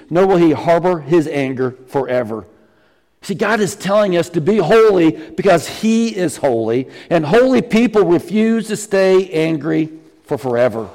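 A middle-aged man preaching to his congregation, his voice sitting a little high for a man. He is animated and teases his listeners as he goes. The sound carries a long echo from the church hall. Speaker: pastor. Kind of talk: sermon. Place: church sanctuary.

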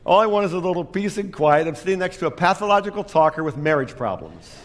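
A man's voice: high-pitched, lively intonation, quick pace, in a large hall. A man preaching a sermon as pastor, telling a story with self-deprecating humor.

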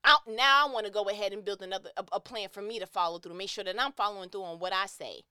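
A woman's voice: medium pitch, fast, bright, forceful tone, clear, resonant tone, dry recording, clean studio sound. A woman giving an impassioned, preachy motivational monologue, emphatic and repeating phrases to drive her point home.

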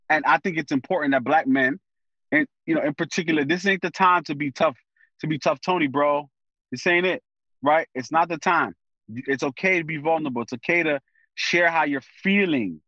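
A man speaking as a guest in a casual conversation, animated and full of slang, often thinking aloud with fillers. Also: on the high side, moderate pace, no room sound, dull audio.

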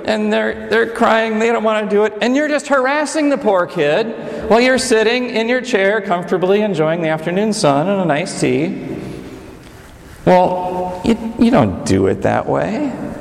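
Man, preacher, animated sermon, high-ish voice, roomy reverberant hall. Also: a little slow, creaky. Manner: animated, swings between high urgent and low intimate delivery. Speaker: pastor.

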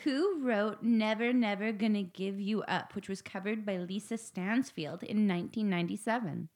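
Woman, quizmaster on a podcast, brisk and wry, reads questions plainly. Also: mid-range voice, a little mellow. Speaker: quiz host. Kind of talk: casual chat, reading trivia questions.

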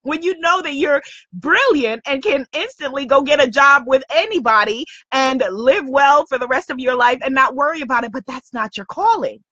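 A woman's voice: high voice, animated, normal speed, pushed and bright, no room sound, lo-fi sound. A woman coach giving an emphatic, upbeat motivational lesson, repeating her key points. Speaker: spiritual business coach. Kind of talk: motivational teaching talk.

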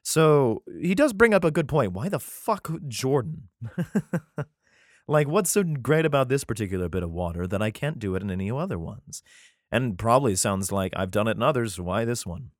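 A man's voice: medium pitch, sing-song, moderate pace, dry recording, studio quality. A man casually reading scripture aloud and breaking off into profane, sarcastic commentary, sometimes stumbling and rereading lines. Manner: profane, sarcastic asides between read passages. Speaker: podcaster reading and commenting on the Bible.

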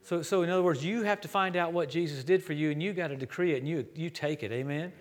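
Fairly high-voiced preacher from Louisiana. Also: male voice, fast talker. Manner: storytelling, animated preaching with quoted dialogue. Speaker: traveling preacher. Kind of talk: sermon. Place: church.

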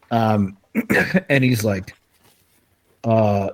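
A man's voice: medium pitch, expressive, moderate pace. A man casually telling a crude, profane story, laid-back and often laughing. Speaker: podcast co-host telling a story. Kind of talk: casual chat.

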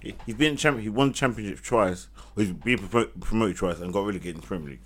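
A man's voice: lowish voice, fast talker, a bit bright. A man ranting about football on a casual podcast, heated and repetitive. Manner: heated, ranting, repeats himself. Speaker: podcast co-host.

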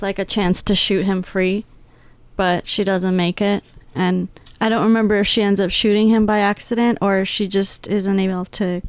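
A woman's voice: medium pitch, smooth, dry recording. A woman on a casual movie podcast, thoughtful and searching for words as she recalls a scene.

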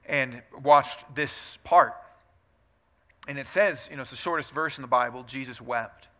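A man preaching a conversational sermon as pastor, moving from quiet reflection to loud, emphatic passages. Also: medium pitch, measured pace.

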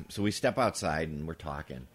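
A man co-hosting a podcast, telling stories in casual chat, swearing freely and breaking into shouted impressions. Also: a bass voice, moderate pace, a little hiss or hum. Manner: animated, breaks into loud shouted impressions and laughs. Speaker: podcast co-host. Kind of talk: casual storytelling.

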